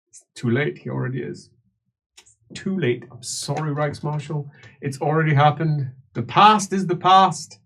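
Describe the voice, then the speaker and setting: A man's voice: on the high side, normal speed, creaky, fairly bright tone. A man, narrating as game master of an improvised tabletop game and slipping in and out of character voices. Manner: switches between many British-styled character voices.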